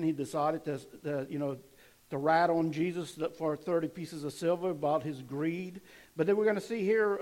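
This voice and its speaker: A man preaching a sermon, retelling scripture dramatically and swinging between loud emphasis and quiet intensity. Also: high voice. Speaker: pastor.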